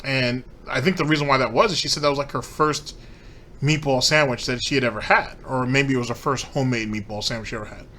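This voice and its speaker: Male host for a ranting commentary segment, profane and mocking, average pitch. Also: steady tone, fast, sharp tone.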